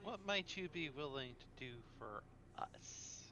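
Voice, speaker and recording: A man voicing a sultry, scheming female spirit dealer on the phone, teasing and coaxing in a low, slow voice. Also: expressive, noisy background.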